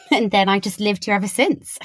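A woman's voice: medium pitch, moderate pace, no room sound, studio quality. A young woman from Wiltshire with a southern English accent, chatting in an interview, laughing often and using plenty of "like". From Wiltshire, England. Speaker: interviewee, social media creator. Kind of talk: casual interview chat.

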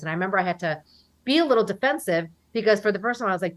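A woman's voice: mid-range voice, expressive, rapid-fire. A woman in her forties from the United States, chatting animatedly as an interview guest and acting out what other people said. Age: 40s. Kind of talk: casual interview chat.

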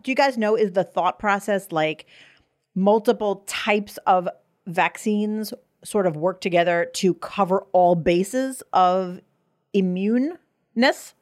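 A woman co-hosting a podcast in casual chat, animated and quick to curse in her banter. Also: medium pitch. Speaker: podcast co-host.

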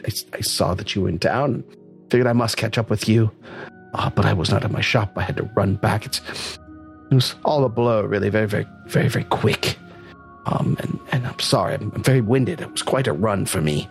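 A man voicing a nervous, winded male merchant who is running for office. He speaks in a high, stammering rush. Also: a little fast, creaky, faint music behind. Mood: flustered. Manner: high-pitched, stammering, breathless.

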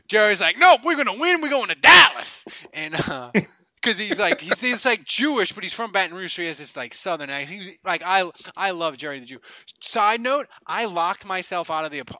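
A man's voice: a little high, pushed and bright, smooth, no room sound. A middle-aged man from Louisiana telling rambling sports stories in casual chat, full of fillers and restarts. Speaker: podcast co-host.

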